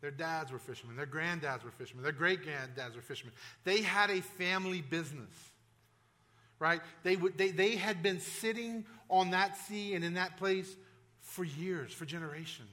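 A man's voice: fairly high pitch, normal speed, bright, forceful tone. A male pastor preaching a sermon in a conversational, emphatic way, with frequent restarts and asides to the congregation.

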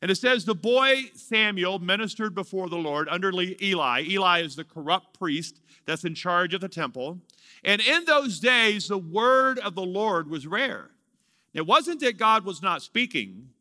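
Delivering a sermon a little slowly, a pastor in his fifties uses a high, pushed, bright voice with lively intonation. He preaches emphatically, drawing out key words and acting out the dialogue of the story. The sound is clean studio audio, with no echo.

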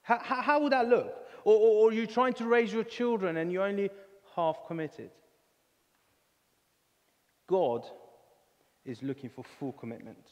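A man preaching a sermon in a church hall, earnest and halting, often restarting his words. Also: sits high, lo-fi sound. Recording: reverberant church hall with soft music.

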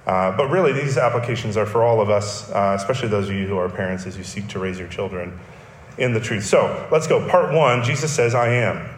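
A man's voice: on the low side, a little fast, reverberant, a little hiss or hum. A man preaching a sermon, explaining a text in an earnest teaching manner with emphatic repetition. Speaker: pastor.

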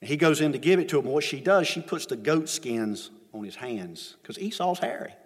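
A man's voice: a little high, lively intonation, normal speed, breathy edge. A man preaching a sermon as a pastor, retelling the story with emphatic repetition, recorded in a church sanctuary with long reverb.

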